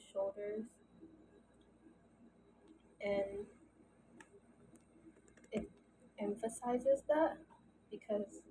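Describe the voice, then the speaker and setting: A woman in her early twenties, soft-spoken and hesitant, talking openly to her channel in a casual, confessional way. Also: medium pitch, background noise. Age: early 20s. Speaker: channel host.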